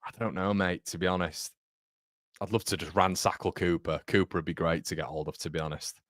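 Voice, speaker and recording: A man's voice: low voice, steady tone, a little fast, fairly bright tone, dry recording, studio quality. A young man from England, hosting a live football watchalong in a chatty, blokey way full of "mate" and "um". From North East England. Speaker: fan channel host. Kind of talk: live watchalong commentary and chat.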